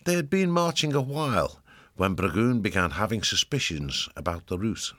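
Deep-voiced man narrating a storybook. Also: no echo, studio quality. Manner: measured, even storytelling. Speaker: audiobook narrator. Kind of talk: scripted audiobook narration.

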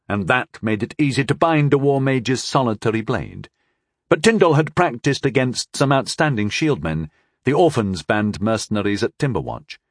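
A male narrator reads a first-person fantasy tale with wry, expressive delivery. His pitch moves lively through each sentence, and the recording is dry and close with no room sound. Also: no room sound. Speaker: audiobook narrator.

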